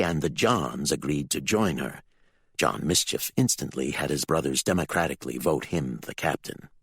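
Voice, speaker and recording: A man narrating a fantasy audiobook with expressive, dramatic storytelling. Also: sits low, husky, no echo.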